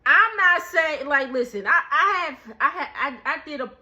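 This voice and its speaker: High-voiced woman dishing on a reality show, bright and laughy, kinda muffled lo-fi audio. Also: moderate pace. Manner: animated storytelling, laughing, acting out quotes. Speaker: recap vlogger. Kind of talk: casual reality-show recap.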